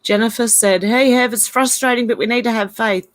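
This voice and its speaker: Reading out viewer comments during a casual livestream, this channel host chats easily and laughs often. She's an Irish-born woman raised in Australia with an Australian accent, and her voice is a little high, steady in tone, and a touch fast.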